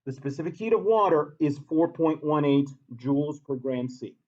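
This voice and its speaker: A man's voice: a little high, lively intonation, moderate pace, darkish tone, highs cut off. A man teaching a science class who repeats key points and quizzes his students. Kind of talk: classroom lecture.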